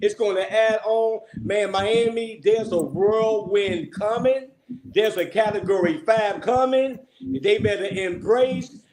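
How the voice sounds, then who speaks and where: A man hosting a sports fan show, energetic and repetitive, calling out to listeners. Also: high voice, low-quality recording. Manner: energetic, repeats calls like "hey, listen, man". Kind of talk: hyped-up fan chat.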